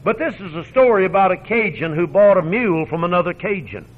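A man's voice: high voice, animated, a little fast, phone-quality sound. A man preaching a folksy sermon, joking and laughing often as he tells homespun stories.

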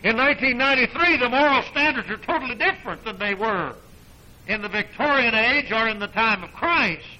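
A male Baptist preacher delivers his sermon in a high, sharply bright voice. He hammers his points with emphasis, then drops into low, folksy asides. His storytelling carries a dry, sarcastic edge. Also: animated, brisk, rough recording. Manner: emphatic, swings from loud declarations to low asides.

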